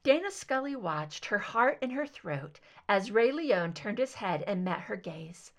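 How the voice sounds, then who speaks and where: Woman narrating with a lively voice. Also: mid-range voice, unhurried, creaky. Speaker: reader. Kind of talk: audiobook reading of fan fiction.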